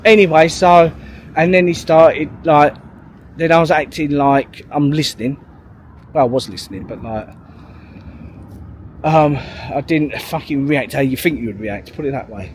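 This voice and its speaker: A man's voice: a little high, unhurried, pauses often, a little hiss or hum. A man, telling a long story in a rambling, sweary way, full of fillers and restarts. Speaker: vlogger. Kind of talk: casual storytelling monologue.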